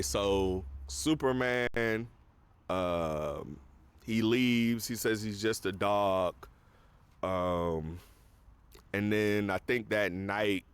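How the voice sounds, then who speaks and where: A man's voice: lowish voice, smooth. A man hosting a casual film review, retelling scenes in a rambling way full of fillers.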